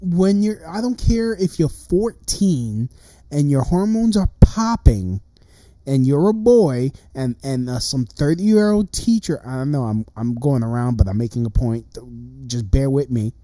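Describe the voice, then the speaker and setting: Thirties male streamer, dark, unhurried voice, cursing and agitated in a solo rant. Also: mid-range voice, expressive, dry recording. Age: 30s. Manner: profane, agitated ranting with many restarts. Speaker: livestream host. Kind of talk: ranting livestream monologue.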